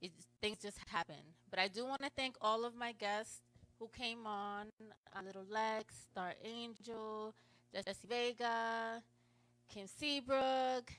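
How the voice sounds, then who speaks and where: Bright, chatty woman hosting a live show. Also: a little high, slow pace, low-quality recording. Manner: rambling, animated retelling with many restarts. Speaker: talk show host.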